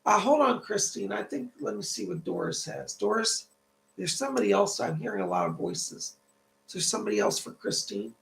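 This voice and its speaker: A man hosting a live-stream psychic reading, chatty and relaying spirit messages, his voice tight and gravelly from the cold. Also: sits high, huge pitch swings, fairly quick, a little hiss or hum. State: voice tight and cracking from a cold house.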